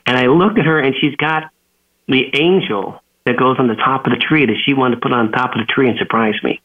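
A man's voice: mid-range voice, fairly quick. A man from California, a guest author on a radio interview, telling stories animatedly and acting out the dialogue he quotes. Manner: animated storyteller who acts out quoted dialogue. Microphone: phone line. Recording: tinny phone line.

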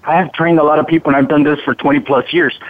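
A man's voice: a little high, fairly even intonation, fast talker. A man speaking as a body language expert on a radio show, talking confidently and emphatically over a phone line. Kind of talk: conversational radio interview.

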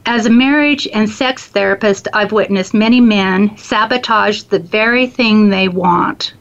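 A woman hosting an interview show as a marriage therapist, explaining things in a measured way. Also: mid-range voice, highs cut off. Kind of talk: interview talk.

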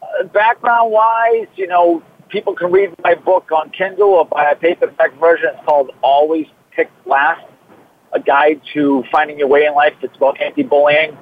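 A man in his fifties with a thick Boston accent talks as a phone-in guest. His voice sits a little high, and his speech is loose and full of fillers. The call is tinny and phone-like, with a faint hiss behind it. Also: moderate pace. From Massachusetts. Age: 50s. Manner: chatty, many fillers. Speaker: guest, trainer and author. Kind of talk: interview over the phone.

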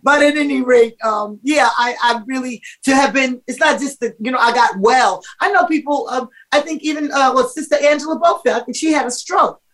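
Animated storytelling woman, slightly high. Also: a little fast, hardly any pauses, low-quality recording. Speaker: guest, singer. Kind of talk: casual storytelling interview.

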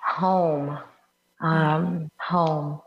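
A woman's voice: deep voice, level tone, drawn-out words, highs cut off. A woman from Brazil speaking as an interview guest, earnest and reflective. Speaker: guest, movement and Reiki facilitator. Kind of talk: casual interview.

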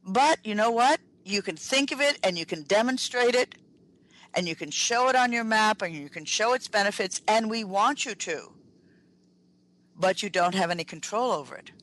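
An emphatic trainer giving a lecture over the radio, with a mid-pitched voice. The speaker leans on repeated phrases and talks straight to the audience. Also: fairly bright tone, low-quality recording. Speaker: workplace improvement trainer on a radio talk show. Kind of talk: lecture-style radio talk.

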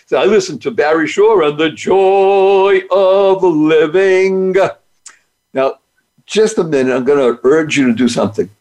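Male show host, upbeat motivational speaker, playful wordplay, pitched a touch high. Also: a little fast, darkish tone. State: speaks despite paralysis from a rare disease. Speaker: podcast host. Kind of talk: motivational monologue.

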